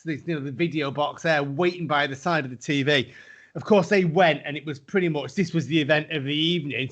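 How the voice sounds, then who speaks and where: A middle-aged man with a slightly high voice tells a story in a casual podcast chat. He is lively and acts out the people he quotes. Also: lo-fi sound. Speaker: podcast co-host.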